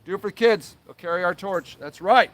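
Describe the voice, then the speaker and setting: Male host, high pitched, angry, foul-mouthed livestream rant, apologetic in between. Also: normal speed, a bit bright, no room sound. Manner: angry, profane, swears constantly; apologizes then rants on, trailing filler sounds. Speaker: show host.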